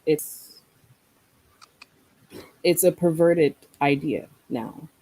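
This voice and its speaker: A guest poet with a mid-range, mellow voice performs spoken-word verse with deliberate, rhythmic delivery. Between pieces the voice turns to easygoing reflective conversation in the same warm tone. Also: mid-range voice, rough recording.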